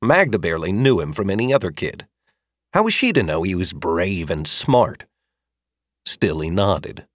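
Man, audiobook narrator, expressive, steady, low voice, dry sound. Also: normal speed, dry recording.

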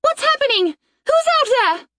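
A woman voicing a frightened, imperious young girl who demands answers in a shrill voice. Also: sing-song, moderate pace, bright, forceful tone, no room sound, studio quality, heavily acted. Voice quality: high-pitched, shrill. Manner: demanding, panicked.

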